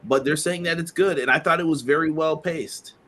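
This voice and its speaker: A man in his thirties co-hosting a casual wrestling podcast, telling animated stories and acting out quotes. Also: a little high, brisk, a little hiss or hum. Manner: animated storyteller, acts out quotes. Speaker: podcast co-host.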